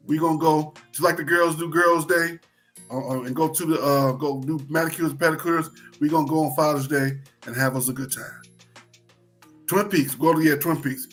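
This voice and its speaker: A man's voice: on the high side, a bit bright. A man co-hosting a sports talk show, chatting casually, repeating phrases and plugging other shows.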